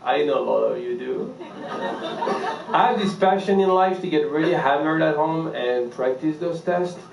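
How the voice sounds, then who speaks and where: Slow-talking comic heard from afar. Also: male voice, mid-range voice. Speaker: stand-up comedian. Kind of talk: stand-up comedy set. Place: comedy club stage. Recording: distant mic in roomy club with room noise.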